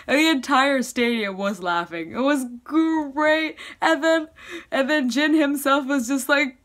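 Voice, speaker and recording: A young woman vlogger telling a story casually, gushing and excitable, with her speech full of "like". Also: sits high, measured pace.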